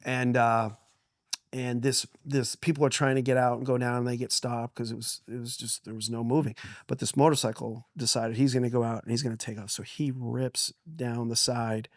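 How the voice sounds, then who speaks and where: A middle-aged man, a pastor, telling a family story on a podcast with animated delivery and frequent laughs. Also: mid-range voice, normal speed, no echo, clean studio sound. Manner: animated, laughs often, acts out quotes.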